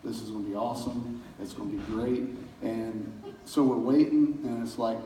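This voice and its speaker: A pastor giving a casual church talk, telling folksy stories with chuckles in a community center hall. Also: male voice, mid-range voice, moderate pace, warm tone, slight background noise. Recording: roomy hall from far off.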